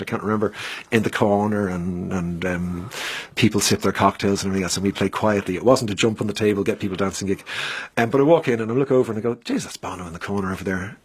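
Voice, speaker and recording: Irish man, middle-aged, husky, animated storyteller, radio interview guest. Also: fairly low pitch. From Ireland. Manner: animated anecdotes with many restarts. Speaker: musician and actor guest. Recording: radio studio.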